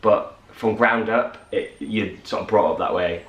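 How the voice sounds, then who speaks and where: A man's voice: lowish voice, a little slow. A young man chatting casually, rambling and acting out little quotes. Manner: rambling, animated quoting. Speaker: co-host. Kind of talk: casual morning chat. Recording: roomy, distant mic, faint hiss.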